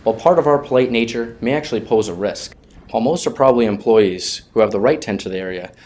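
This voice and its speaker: A man's voice: mid-range voice, darkish tone. A man narrating a training video in a wry, mock-serious scripted way.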